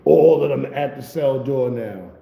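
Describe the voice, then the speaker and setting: A man telling a story to camera in a casual, animated way, with profane street slang and acted-out quotes. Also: mid-range voice, a little slow, vocal fry. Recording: echoey room with long reverb.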